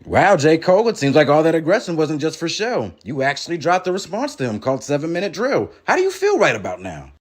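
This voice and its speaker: A pushy interviewer who asks leading, needling questions to stir up a feud, as a man plays him in a comedy sketch. He speaks in a lower, steadier register than the rappers around him. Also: huge pitch swings, quick pace, hardly any pauses. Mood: probing. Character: pushy male interviewer hungry for drama.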